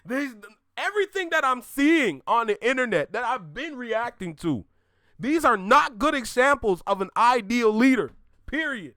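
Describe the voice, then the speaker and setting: A man's voice: very high-pitched, big pitch swings, moderate pace, sharp tone, no room sound, clean studio sound. A man from Toronto hosting a reaction video, ranting bluntly and repeating his points for emphasis. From Toronto, Canada.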